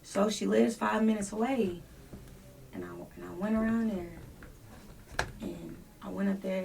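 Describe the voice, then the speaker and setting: A woman's voice: mid-range voice, unhurried, vocal fry, pauses often, distant mic, noisy background. A woman telling a personal story as a podcast guest, acting out voices and dropping to near whispers.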